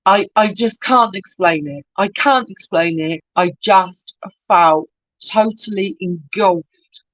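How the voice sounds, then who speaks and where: A woman's voice: medium pitch, slow, no room sound, dull audio. Candid West Country woman, swearing freely. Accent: West Country English. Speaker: podcast guest. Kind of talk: casual podcast chat.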